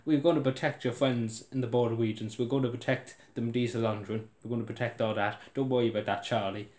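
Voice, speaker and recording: An Irish man mimicking an official who sarcastically soothes a sulking minister in a hushed, patronizing tone, recorded in a roomy space. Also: medium pitch, fairly even intonation, a little slow, natural voice. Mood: mock comforting. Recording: roomy echo.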